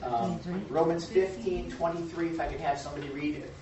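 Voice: medium pitch, brisk. A Bible study leader teaching informally, talking with the group, asking rhetorical questions and sometimes acting out little scenes in a raised voice. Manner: conversational, full of rhetorical questions. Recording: echoey room, far off, dull and faint hiss.

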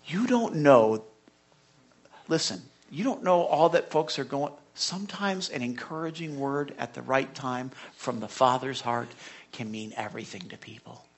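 Male pastor, sermon delivery, gravelly and raspy, chatty with hushed asides and loud swells. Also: mid-range voice, animated, measured pace. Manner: conversational, repeats words, drops to a whisper and swells loud.

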